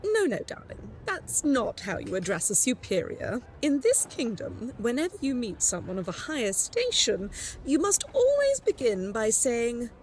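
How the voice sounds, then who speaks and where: A woman's voice: a little high, huge pitch swings, moderate pace, a little mellow. A woman playing a condescending aristocratic court lady in a video game, with a patronizing, sing-song manner. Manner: patronizing, sing-song, calls people darling. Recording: game audio with music behind.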